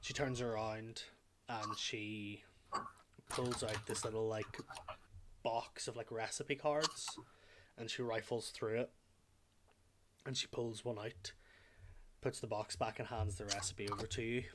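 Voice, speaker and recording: A man's voice: fairly low pitch, background noise. Man narrating a tabletop game. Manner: relaxed, halting narration with fillers. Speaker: game master.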